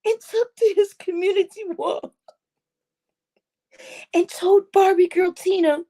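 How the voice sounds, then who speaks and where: Very high-voiced woman cracking up. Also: steady tone, slow pace. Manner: keeps breaking into loud laughter, swears freely. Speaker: live streamer. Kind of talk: casual storytelling to a chat.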